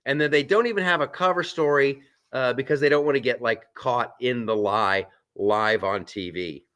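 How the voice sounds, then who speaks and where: A man's voice: mid-range voice, normal speed, fairly bright tone. Rambling male live stream host. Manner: rambling and conversational, with frequent restarts and asides. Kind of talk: casual live stream chat reading viewer comments. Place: on a film set.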